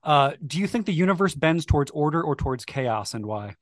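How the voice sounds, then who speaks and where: A man hosting a podcast, asking prepared interview questions in a measured way and reading a closing outro. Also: a little high, animated, dry recording, clean studio sound. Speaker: podcast host.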